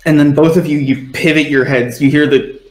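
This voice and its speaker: A man narrating as game master of a tabletop game, relaxed and rambling with plenty of fillers. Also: on the high side, a little fast, echoey room, poor audio.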